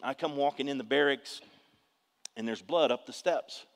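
A man, preaching a testimony in an animated storytelling way with bursts of shouting. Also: mid-range voice, moderate pace, big-room sound. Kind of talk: testimony sermon.

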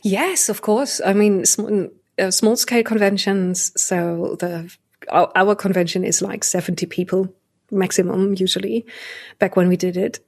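Husky-voiced woman organizing a convention. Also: mid-range voice, fairly even intonation, measured pace, a little mellow. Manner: thoughtful, with frequent restarts and repeated words. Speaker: guest, gaming convention organizer. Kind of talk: casual interview chat.

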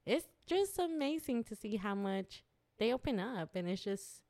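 A woman's voice: a little high, very animated, normal speed, a little mellow. A woman in casual conversation, telling stories in a rambling way and laughing often. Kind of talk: casual chat.

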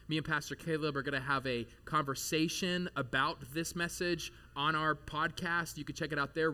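A man in his thirties delivers a sermon in a church, his voice bright and edged, sitting a little above the usual male pitch. He talks to the congregation in a loose, animated way, tossing in casual asides as he goes. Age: 30s. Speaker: pastor.

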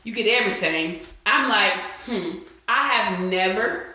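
A woman's voice: medium pitch, a little slow. A young adult woman co-hosting an explicit casual podcast, telling crude stories with lots of laughter. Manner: crude, animated storytelling with frequent laughs. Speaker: podcast co-host. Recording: very echoey room.

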